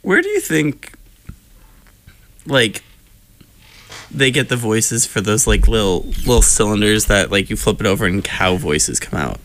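A young man co-hosting a casual podcast, curious and jokey, quick to laugh. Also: on the low side, sing-song, a bit bright. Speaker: co-host.

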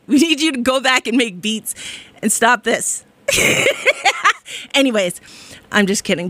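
A woman's voice: medium pitch, fairly bright tone, no echo. A woman hosting a college radio show, giddy and exuberant, laughing often and whooping in a studio. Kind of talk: bubbly radio chat.

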